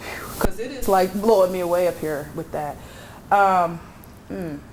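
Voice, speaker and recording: Woman, medium at a live expo reading, reassuring, emphatic, breathy exclamations, faint hum of the hall behind her. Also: on the low side, a little slow, darkish tone.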